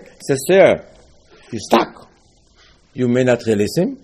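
Man, rabbi giving a Torah lesson, husky voice, lively rhetorical style. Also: mid-range voice, measured pace. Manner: animated, rhetorical questions, repeats phrases.

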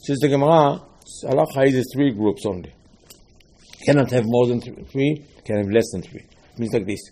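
Man, rabbi giving a Torah lesson, husky voice, lively rhetorical style. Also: medium pitch, moderate pace. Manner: animated, rhetorical questions, repeats phrases.

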